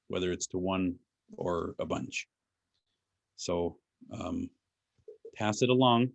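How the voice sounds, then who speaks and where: With a deep, creaky voice, a slow pace, and long pauses, an Alaskan language teacher and speaker walks through pronunciation step by step in a patient lecture that takes audience questions. His humor is dry and self-deprecating, and there's no echo.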